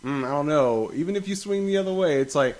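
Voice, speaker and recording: Young male podcast host with a fairly high voice, swearing, rambling and animated in casual chat. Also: quick pace. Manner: profane, rambling, animated storytelling.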